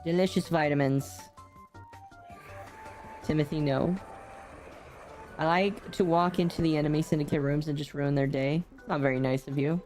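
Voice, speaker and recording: A woman's voice: sits low, fairly even intonation, normal speed, pauses often, darkish tone, soft background music. A young adult woman chatting casually on a game stream, sleepy and yawning often, self-deprecating as she reads chat aloud. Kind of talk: casual live-stream chat while gaming.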